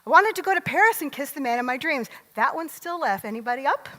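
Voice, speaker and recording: A middle-aged woman giving a motivational stage talk, lively and joking, often asking the audience questions. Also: high voice, fast talker. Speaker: motivational speaker. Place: large event hall. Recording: long hall reverb.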